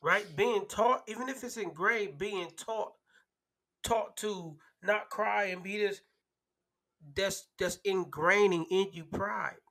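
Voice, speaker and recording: Bright-voiced, emphatic man. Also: high voice, takes it slowly, gravelly. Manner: emphatic, repeats key phrases, checks in with "right?". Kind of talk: casual podcast conversation.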